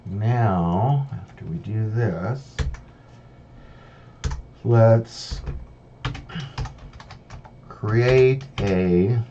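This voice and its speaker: A man's voice: lowish voice, extremely slow, long pauses, warm tone. A man teaching a programming lesson over a screen recording, explaining step by step and thinking aloud with fillers and restarts. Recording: slightly dull lo-fi audio with faint hiss.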